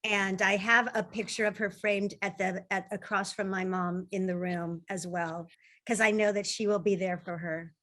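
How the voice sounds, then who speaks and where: A woman's voice: medium pitch, fairly even intonation, normal speed, bright, forceful tone. A woman co-hosting an interview, chatty and rambling, with frequent laughs. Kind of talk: casual conversation.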